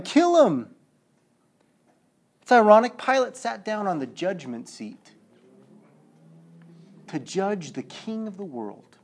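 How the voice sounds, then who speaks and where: Animated male preacher. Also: sits high. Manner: animated, acts out quotes, checks in with listeners. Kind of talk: sermon.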